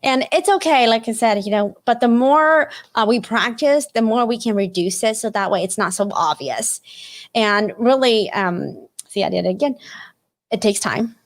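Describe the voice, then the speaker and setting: A woman's voice: fairly high pitch, lively intonation, moderate pace. A woman hosting a live career webinar over a video call, talking casually with lots of fillers and frequent "right?" checks. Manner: chatty, many fillers like "like" and "you know", frequent "right?" tag questions. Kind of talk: casual instructive webinar talk.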